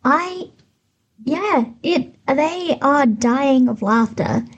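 A woman's voice: high-pitched, expressive, extremely slow, highs cut off. A woman guest in a casual podcast chat, talking hesitantly with many fillers.

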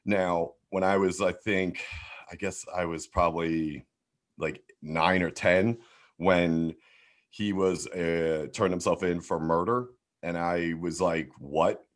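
A man's voice: low-pitched, steady tone, takes it slowly. A man, telling rambling, profane stories as a podcast guest. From Philadelphia, USA. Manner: rambling, heavy swearing, lots of "like" and restarts. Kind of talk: casual storytelling in a podcast interview.

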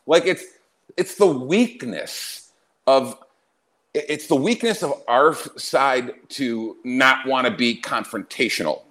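A man's voice: mid-range voice, animated, takes it slowly, fairly bright tone. A man hosting a podcast, ranting in a brash, mocking way and laughing often in casual, profane chat. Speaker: podcast host.

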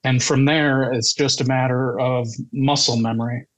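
A man who once worked as an actor, explaining things slowly in casual podcast chat. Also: mid-range voice, fairly even intonation, low-quality recording. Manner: slow, explanatory.

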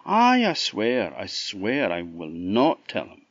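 A man's voice: fairly low pitch, huge pitch swings, takes it slowly, no room sound, lo-fi sound, heavily acted. A man voicing a simple, bashful young man with a Scottish accent, talking in a sheepish, hesitant folksy way.

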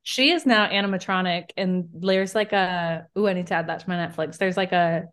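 A woman's voice: lowish voice, fairly quick, fairly bright tone. Playful woman podcast co-host, laughing often. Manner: playful, laughs often, jokes in a mock alien voice. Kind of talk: casual chat.

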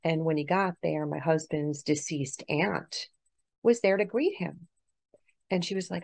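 Low, gravelly-voiced woman telling a story. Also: unhurried, dry recording. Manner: earnest, swinging between hushed and excited. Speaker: guest, author and paranormal investigator. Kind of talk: emotional personal storytelling in a podcast interview.

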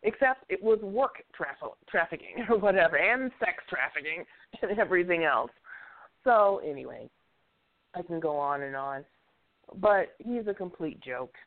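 A woman's voice: fairly low pitch, expressive, normal speed. A woman giving blunt, opinionated commentary in a casual chat, chuckling now and then as she talks. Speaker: show regular giving opinions. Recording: tinny phone-like sound.

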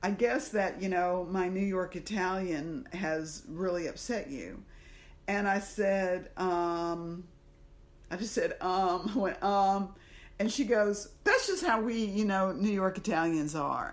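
A woman's voice: on the low side, slow pace. A woman from the American South co-hosting a podcast, telling a personal story in a casual conversation and acting out the voices in her head. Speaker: podcast co-host.

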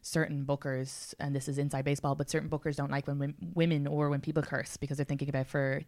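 An Irish woman with a fairly low voice chats casually as a podcast host. She is lively, laughs easily and swears without restraint. The sound is close and dry. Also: quick pace, no room sound. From Ireland. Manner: animated, laughing and swearing freely. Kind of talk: casual chat.

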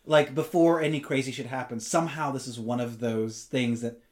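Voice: mid-range voice, steady tone, moderate pace. A co-host on a podcast in casual chat, rambling loosely and swearing now and then.

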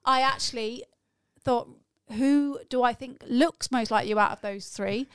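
A woman's voice: a little high, unhurried, clear, resonant tone, no echo, studio quality. A woman co-hosting a podcast in casual chat, earnest and chatty as she argues her point with a laugh. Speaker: podcast co-host.

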